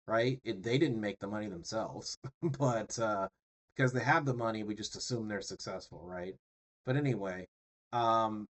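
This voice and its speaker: A man's voice: on the low side, rough recording. A man lecturing a class in a loose, conversational way, peppered with fillers and tag questions. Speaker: instructor.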